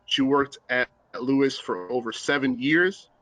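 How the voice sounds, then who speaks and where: Casting: young male student host, mid-pitched, close and dry, earnest and formal on a video call. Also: a little slow, a bit bright, no echo, rough recording. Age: young adult. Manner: earnest, polite, formal introductions. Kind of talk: hosted panel talk.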